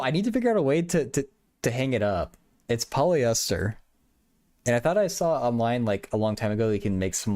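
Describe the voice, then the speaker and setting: With a lowish, darkish voice and no room sound, a young adult man hosts a livestream from his small apartment bedroom. He talks casually to viewers, often stuttering and repeating words.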